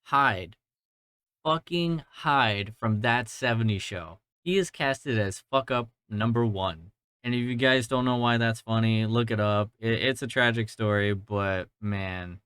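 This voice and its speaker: A man's voice: medium pitch, a bit bright, clear, resonant tone, no room sound. A man in his twenties from Georgia, hosting a casual movie-review podcast in a rambling, profane, self-deprecating way. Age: 20s. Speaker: podcast host. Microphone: mounted podcast mic.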